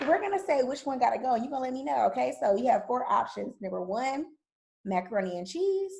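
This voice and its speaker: Southern woman in her twenties, podcast host; gravelly, lively and quick to laugh in casual chat. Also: high voice, poor audio. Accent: Southern American. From American South. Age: 20s. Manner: animated, emotional, laughs easily.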